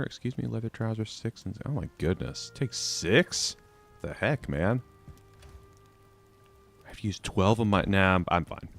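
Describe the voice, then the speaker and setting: A young man chatting his way through a live game stream, laughing and mocking his own mistakes. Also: fairly low pitch.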